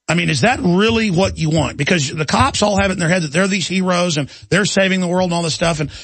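Male talk radio host, somewhat high, gravelly voice, ranting and indignant. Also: fairly bright tone, no echo.

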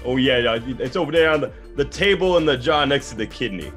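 A man's voice: medium pitch, lively intonation, fairly quick, a bit bright, soft background music, voice pushed up, lightly acted. A man voicing a cheerful old male back-alley surgeon, jovial and folksy with chuckles.

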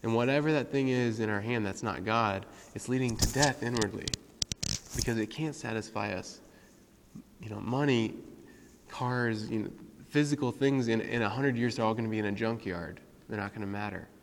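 A man giving an informal devotional talk, halting often with fillers as he tells a story. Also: on the low side, long reverb tail. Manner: casual, halting with many fillers.

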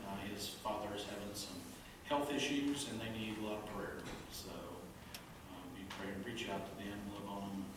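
A man's voice: lowish voice, moderate pace, hardly any pauses. A man preaching a sermon as a pastor, telling jokes and laughing as he goes. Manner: animated, laughs at own jokes. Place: church sanctuary. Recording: echoey room from a distance, background noise.

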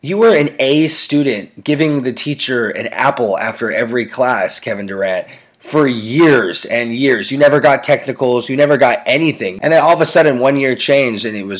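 A man's voice: mid-range voice, normal speed. A man hosting a casual sports podcast, ranting with strong opinions. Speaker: podcast host.

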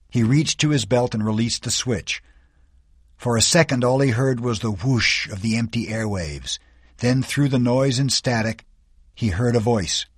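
A man's voice: medium pitch, slightly rough, dry recording, studio quality. A man narrating an audiobook in a tense, dramatic storytelling manner.

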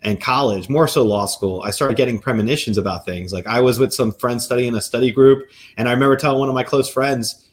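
A guest in his forties tells a personal story in conversation, animatedly acting out the quoted dialogue. He talks fairly quickly with few pauses, in a medium-pitched voice.

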